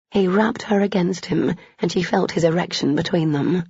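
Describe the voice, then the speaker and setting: A woman reading a romance novel aloud as an audiobook narrator, steady and even. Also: lowish voice, moderate pace, vocal fry, few pauses, husky, no room sound. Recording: dull, dry, lo-fi.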